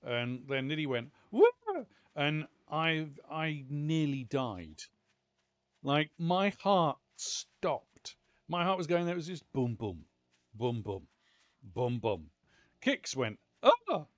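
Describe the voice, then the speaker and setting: A British man casually chatting and telling stories while playing a game, animated and exclamatory. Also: medium pitch, slow, no echo, lo-fi sound. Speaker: gaming channel host. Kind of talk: casual gameplay commentary.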